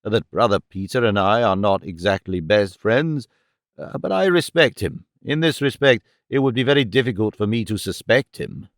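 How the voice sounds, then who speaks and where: A man voicing a mild, calm Anglican clergyman who speaks slowly and with measure. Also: on the low side, no room sound, clean studio sound.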